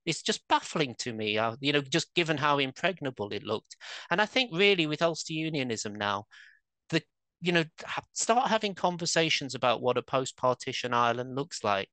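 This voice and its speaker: A man in his fifties with a southern English accent talks as a podcast guest, building emphatic arguments and posing rhetorical questions. His voice is bright and crisp, and it sounds close and dry with no room echo. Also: mid-range voice, expressive, normal speed. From England. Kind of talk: conversational interview.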